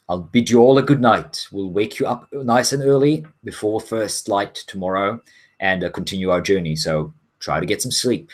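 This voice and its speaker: A man's voice: on the low side, natural voice. A man voicing a courteous river boat captain in a tabletop role-play, polite with a faintly patronizing edge.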